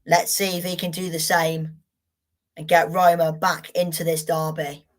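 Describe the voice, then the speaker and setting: Young woman, slightly low pitch, football watchalong host, annoyed, sweary, chatty. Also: flat delivery, measured pace. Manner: frustrated, swears, chatty with viewers. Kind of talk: live football watchalong commentary.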